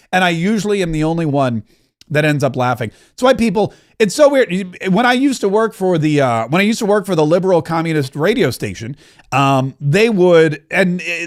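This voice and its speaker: A middle-aged man hosting a podcast, telling anecdotes in casual commentary and laughing out loud as he acts out what people said. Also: high voice. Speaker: podcast host.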